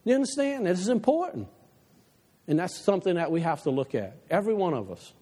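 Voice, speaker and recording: A man preaching a passionate sermon to his church, dropping low and quiet for the advice he quotes, then climbing again. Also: very animated, brisk, big-room sound. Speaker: pastor. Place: church sanctuary.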